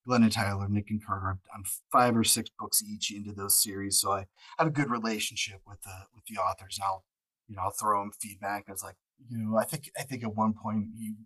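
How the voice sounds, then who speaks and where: A man's voice: on the low side, level tone, fairly quick, bright, forceful tone, slightly rough, dry recording, low-quality recording. A man who narrates audiobooks, talking as a guest in a casual interview. He rambles through stories, restarting phrases and acting out the back-and-forth he recalls. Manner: rambling storyteller, acts out quoted exchanges.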